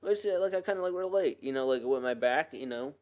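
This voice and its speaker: Quick-paced and lively in intonation, this man's mid-range, darkish voice fills his own podcast as he talks alone. His monologue is loose and heartfelt, rambling along with frequent fillers and restarts.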